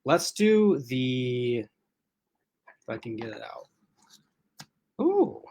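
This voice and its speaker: A man's voice: medium pitch, sing-song, very slow, darkish tone, a little hiss or hum. Chatty rambling man on a livestream. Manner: rambling, chatty, frequent fillers and restarts; laughs often. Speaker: host of livestream unboxing. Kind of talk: casual livestream chat. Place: at home in front of a laptop. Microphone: laptop.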